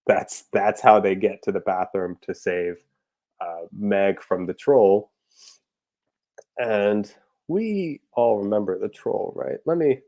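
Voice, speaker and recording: Man, unhurried, laid-back rambling talk, amused by his own jokes, lots of fillers. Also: low-pitched, vocal fry, dark tone. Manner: loose and chatty, with frequent fillers and restarts. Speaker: creator pitching parody episode ideas. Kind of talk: casual rambling talk to camera.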